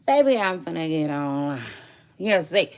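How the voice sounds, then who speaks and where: Woman, 30s, casual livestream chat, rambling, fry in the voice. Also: sits low, very animated, darkish tone, slight background noise. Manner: rambling, drawn-out, repeats phrases; slow, gravelly, laid-back delivery. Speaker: livestream vlogger.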